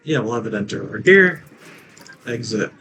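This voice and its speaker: A man's voice: mid-range voice, animated, normal speed, bright, forceful tone, poor audio. Joking let's-play man, faint music behind. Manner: joking, rambling, laughs at his own jokes. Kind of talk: casual gameplay commentary.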